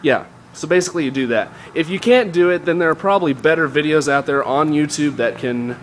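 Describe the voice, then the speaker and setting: A man's voice: on the high side, a little hiss or hum. A man giving an improvised, rambling spoken tutorial while walking down a street, talking into a handheld device. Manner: casual, rambling and self-correcting. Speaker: voice impression tutor.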